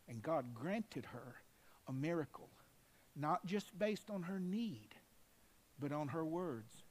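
A man pastor preaching a sermon, fervent and building to emphatic, loud declarations. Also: fairly high pitch, unhurried. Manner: fervent, rising to emphatic shouts.

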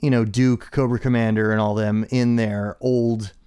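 A man's voice: fairly low pitch, flat delivery, moderate pace, mellow, smooth. A man co-hosting a podcast, chatting casually and enthusiastically explaining fan trivia. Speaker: podcast co-host. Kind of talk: casual chat.

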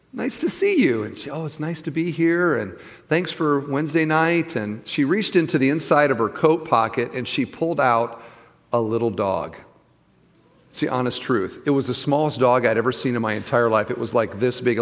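A middle-aged male pastor telling a story in a sermon, animated and acting out the voices of the people he quotes. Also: mid-range voice, moderate pace. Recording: long hall reverb.

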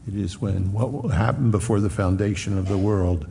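A man preaching a sermon, earnest and measured, slowing down to read scripture aloud. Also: fairly low pitch, gravelly, dark tone, a little hiss or hum. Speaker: pastor. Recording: echoey hall, faint ambience.

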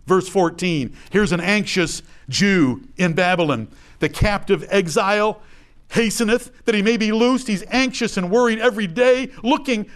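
Reading old scripture aloud verse by verse, this man then breaks it down in everyday language, performing small voices and examples as he teaches. His voice is high-pitched and animated, and he keeps a moderate pace.

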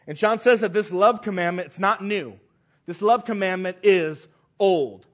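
A man's voice: high-pitched, normal speed. A male pastor preaching a sermon, reading scripture aloud with earnest, rising emphasis.

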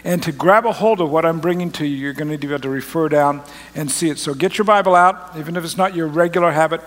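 A man preaches in a folksy, chatty way, breaking off and restarting as he tells a story. His voice sits a bit high for a man. The sound carries the long reverb of a large church auditorium. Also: fast talker. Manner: folksy, rambling, self-interrupting. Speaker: pastor. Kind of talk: sermon with personal story.

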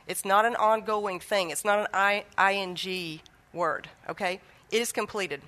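This middle-aged Christian teacher delivers an earnest faith lesson built on family stories, acting out what each person said. Her mid-range voice is pushed and bright, with fairly even intonation at a normal speed.

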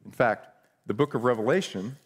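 A man's voice: medium pitch, brisk, husky. A man preaching a sermon as pastor, earnest and conversational, often repeating words as he goes.

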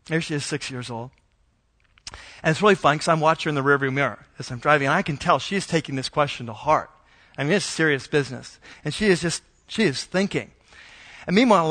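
A middle-aged male pastor with a slightly high voice preaches a sermon in a relaxed, conversational way, telling a family story full of ums and restarts.

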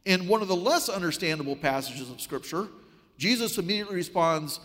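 A man preaching a sermon, telling a story with wry, animated delivery. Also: high-pitched, fairly quick, long reverb tail.

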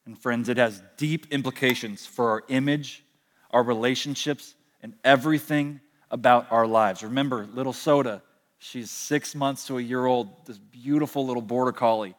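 A young man preaching a sermon from a stage, telling stories in a conversational way with slow, emphatic pauses. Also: medium pitch, steady tone, long reverb tail. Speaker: pastor. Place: large hall, speaking from a stage.

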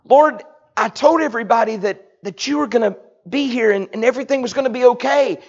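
A man's voice: extremely high pitch, a little fast, creaky, pitched above the performer's own voice, heavily acted. A man voicing a grieving woman who pleads with her lord, his voice climbing. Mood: pleading. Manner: pleading, voice rising. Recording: dull lo-fi recording.

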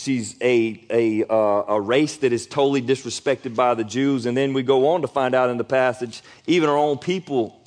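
A middle-aged man, a pastor preaching a sermon in a casual, animated way, acting out quotes in sudden loud high bursts.

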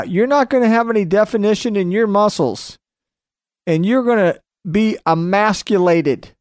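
A man's voice: high-pitched, no echo, studio quality. A man hosting a radio show, delivering an emphatic, repetitive ranting monologue.

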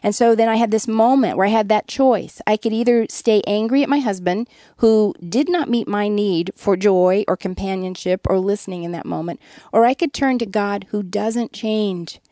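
A woman's voice: medium pitch, moderate pace, dark tone, no echo, studio quality. A woman guest on a radio interview, telling a candid, earnest story about her own life and poking fun at herself. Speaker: guest, author.

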